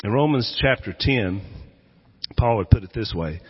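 A man's voice: on the low side, lively intonation, moderate pace, slightly rough. A male pastor giving a sermon, telling Bible stories dramatically and acting out the voices in them. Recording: echoey hall, dull lo-fi sound.

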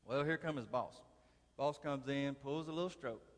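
A man's voice: medium pitch, moderate pace. Man preaching in an echoing hall. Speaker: lay preacher. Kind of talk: folksy sermon storytelling. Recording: long reverb of a large hall.

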